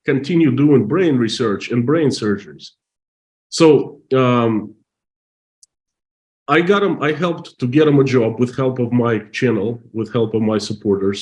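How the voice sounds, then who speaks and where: A middle-aged man from Russia with a Russian accent, telling a story in halting, emotional English full of restarts. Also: mid-range voice, a little mellow. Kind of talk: casual storytelling.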